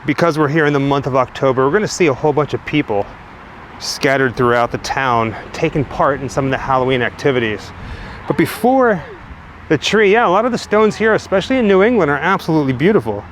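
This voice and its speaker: A man's voice: a little high, expressive, fast. A man guiding viewers on foot through an old cemetery, chatty and enthusiastic, recorded outdoors on a camera mic. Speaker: travel vlogger. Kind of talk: walking tour vlog narration. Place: outdoors in a cemetery by a busy road. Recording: outdoor street noise, passing traffic. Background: faint cars and trucks.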